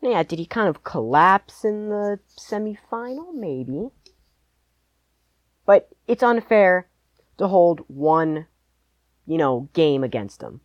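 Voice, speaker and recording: A man's voice: high-pitched, very animated, slow pace, long pauses, dry recording, lo-fi sound. Guy rambling through sports picks on a podcast, lots of likes and ums, dead dry sound. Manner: rambling, hedging, many "like"s. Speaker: podcast co-host. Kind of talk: casual sports chat.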